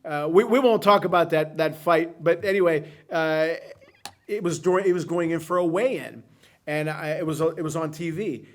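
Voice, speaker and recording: A male co-host tells a long story with a lot of feeling, rambling from one detail to the next. His voice is a little higher than most men's. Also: moderate pace. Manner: rambling, heartfelt. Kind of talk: emotional storytelling.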